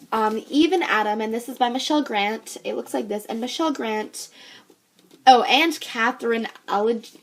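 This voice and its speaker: A woman's voice: on the high side, a little hiss or hum. A teenage girl giving a casual, exasperated vlog review of books she dislikes, sighing and swearing as she rants. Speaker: book vlogger.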